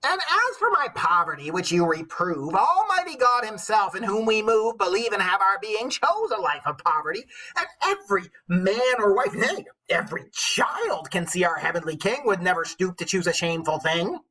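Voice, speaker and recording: A man's voice: high-pitched, big pitch swings, moderate pace, hardly any pauses, sharp tone, full character voice, low-quality recording. A man voicing a shrewd old woman who lectures her knight husband, in a witchy voice, as a dramatic verse read-aloud. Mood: lecturing. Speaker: teacher.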